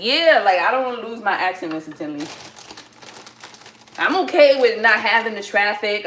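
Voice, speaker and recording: A woman's voice: mid-range voice, fairly bright tone, a little hiss or hum. Woman, New York City accent, young adult, chatty, laughs a lot, casual livestream talk. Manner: chatty, laughs often, greets viewers by name. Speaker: livestream host. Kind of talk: casual livestream chat while cooking.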